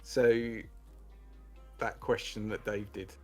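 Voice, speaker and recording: A man's voice: lowish voice, little pitch movement, slow, faint music behind. A man hosting a casual online panel game, hesitant and giggly as he works out how to word the next question. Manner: hesitant, giggly, restarts phrasing. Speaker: game show host.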